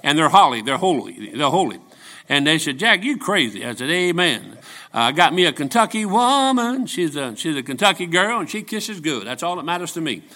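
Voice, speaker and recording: A seventy-year-old man preaching with a bright, forceful voice pitched a little high. He tells folksy stories and jokes, pressing his points with emphatic repetition. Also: big pitch swings, fairly quick. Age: 70s. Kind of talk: storytelling sermon.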